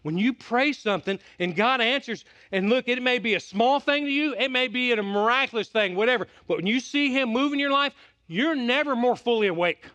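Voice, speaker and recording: A middle-aged man preaching a sermon, telling stories with big swings from loud excitement to hushed quiet. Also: very high voice, brisk. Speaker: pastor.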